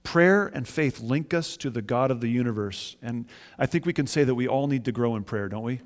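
A man preaches as a pastor, earnest and steady in his delivery. He keeps turning to his listeners with questions. His voice sits at an ordinary middle pitch and trails off into a long reverb that fills the hall. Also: a little fast. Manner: earnest, asks the congregation questions. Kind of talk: sermon.

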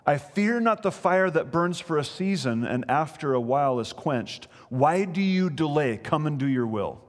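A man voicing a calm and resolute old male martyr who speaks solemnly and steadily. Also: on the high side, moderate pace, big-room sound, natural voice.

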